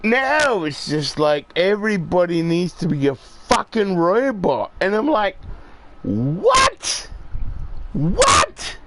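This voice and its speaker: A man's voice: high-pitched, very animated, a little slow, few pauses, background noise. A middle-aged man in a rambling, profane monologue, getting worked up as he rants.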